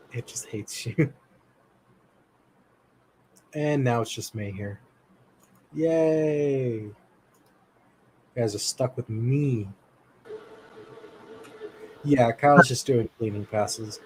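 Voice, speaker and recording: A man co-hosting a livestream, chatting casually with viewers in a relaxed, loose way. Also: medium pitch, takes it slowly, pauses often, a little hiss or hum, poor audio. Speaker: livestream co-host.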